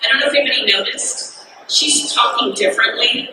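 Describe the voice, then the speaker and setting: A woman's voice: fairly high pitch, a little fast. A woman moderating a convention panel, upbeat and addressing the crowd. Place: large convention hall stage. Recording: echoey hall, far from mic, noisy.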